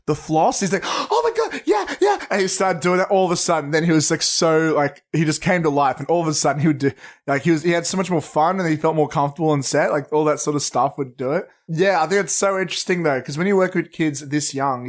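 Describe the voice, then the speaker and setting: A man co-hosting a movie podcast in casual chat, rambling and swearing freely as he tells stories. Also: on the high side. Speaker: podcast co-host.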